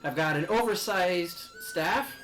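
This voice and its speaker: A man's voice: high-pitched, a little slow, fairly bright tone, faint music behind. A man introducing his tabletop character, hesitant and joking. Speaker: player.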